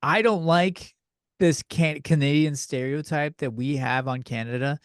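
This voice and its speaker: Male host, Californian accent, loose and crude comic banter, bit high pitched, dry room. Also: unhurried, smooth, dry recording. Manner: profane, joking, rambling. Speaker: podcast host. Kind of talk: casual comedic chat.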